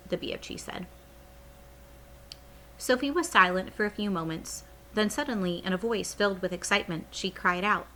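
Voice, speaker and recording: A woman teacher reading a children's book aloud, with clear, expressive storytelling. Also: fairly low pitch, brisk, rough recording.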